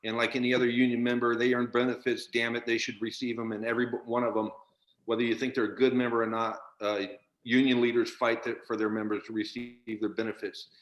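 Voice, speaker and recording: A union member speaks up at a virtual town hall held over video call, angrily pressing leadership with his question, cursing and repeating himself. His voice is mid-range and level in tone, and he talks quickly.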